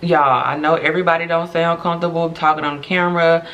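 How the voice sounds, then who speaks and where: Bright-voiced earnest woman podcaster. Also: low-pitched, steady tone, fairly quick, muffled recording. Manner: chatty, earnest, addresses listeners as y'all, laughs through tears. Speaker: podcast host. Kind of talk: casual heartfelt podcast monologue.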